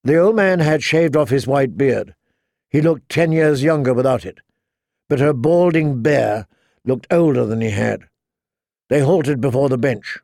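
A man narrating a fantasy novel as an audiobook, with measured, even storytelling. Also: mid-range voice, no room sound, studio quality. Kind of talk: scripted narration.

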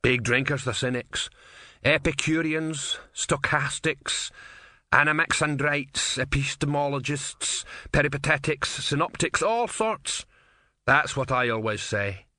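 A man's voice: a little high, expressive, a little slow, sharp tone, no room sound, studio quality, voice pushed up. A man voicing a chatty, folksy male barman in a storybook reading, rambling in a matter-of-fact way. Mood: chatty easygoing.

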